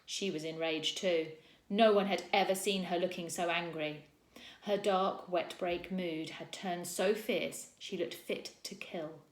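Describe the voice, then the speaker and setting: A woman teacher reading a children's chapter book aloud, expressive and acting out the characters. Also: fairly low pitch, a little slow. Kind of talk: storybook read-aloud. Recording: echoey room.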